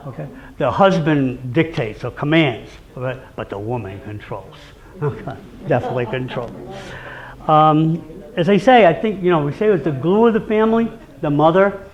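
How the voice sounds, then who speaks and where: Rhode Island man, fairly high voice, casual lecturer who keeps asking "okay?", muffled lo-fi recording. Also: normal speed. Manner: chatty, keeps checking in with "okay?"; acts out quoted voices, animated. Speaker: speaker on local traditions. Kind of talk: talk to a live audience.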